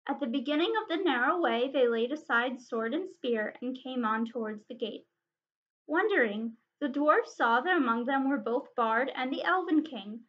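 Woman librarian, storybook read-aloud, high and bright voice, slightly muffled recording. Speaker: children's librarian.

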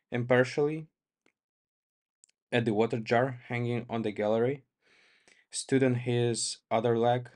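Man reading a story aloud, slow, halting, fixes his own slips, middling pitch. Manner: halting, stops to correct himself. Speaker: reader.

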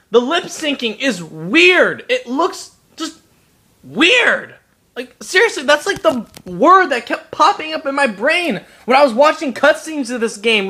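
A young adult video game reviewer giving a profane, exasperated, emphatic rant about a game. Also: high voice. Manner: animated, emphatic delivery.

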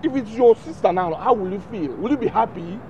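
A man's voice: high voice, lively intonation, a little fast, dark tone, lo-fi sound, slight background noise. An actor playing a blunt young Nigerian man scolding his friend. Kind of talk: film drama.

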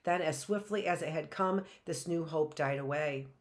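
A woman teacher reading a children's story aloud, slow and deliberate. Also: deep voice.

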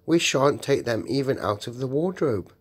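A man's voice: medium pitch, lively intonation, normal speed, husky, voice pushed up. A man reading an audiobook and voicing a sensible older schoolgirl in an earnest, reasonable manner.

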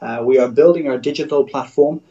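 A man's voice: medium pitch, fairly quick, warm tone, lo-fi sound. A middle-aged man, a Christian radio executive, speaking as a guest in a livestream interview over a video call, in an earnest, preacher-like way with repeated phrases.

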